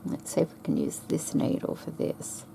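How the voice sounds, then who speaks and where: A woman chatting softly and thinking aloud as she stitches a craft project, with the hiccups. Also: slight background noise. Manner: slow, soft-spoken, thinking aloud while sewing. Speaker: craft vlogger. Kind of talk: casual stitching chat.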